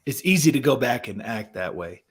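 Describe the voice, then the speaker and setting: A man's voice: medium pitch, lively intonation, a little fast, husky. A young man, a musician and guest, reflecting in a casual talk about faith and laughing easily.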